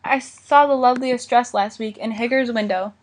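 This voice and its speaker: A woman, working as an audiobook reader, narrates a children's novel from a script, lightly inflecting the characters' dialogue. Her voice is a little high at a moderate pace, with a slight hiss or hum.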